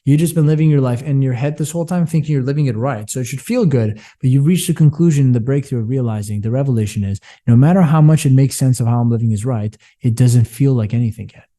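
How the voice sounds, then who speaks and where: In a candid interview, a business coach tells passionate, preachy stories, quoting himself and others. His medium-pitched voice is mellow and quick, with hardly any pauses.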